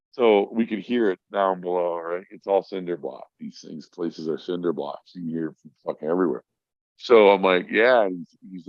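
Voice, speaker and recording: Middle-aged male podcast guest, deep voice, rambling war-story teller, swears freely, dry lo-fi sound. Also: no room sound. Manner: profane, rambling, acts out voices in his stories. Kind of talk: casual storytelling. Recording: dry, dull lo-fi audio.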